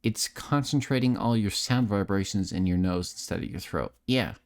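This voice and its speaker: A man's voice: lowish voice, moderate pace. A man chatting casually with his viewers on a live stream, sounding tipsy and a bit nasal, with a slight lisp, rambling and self-deprecating, close to a desk mic. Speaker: streamer and voice actor. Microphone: close desk microphone.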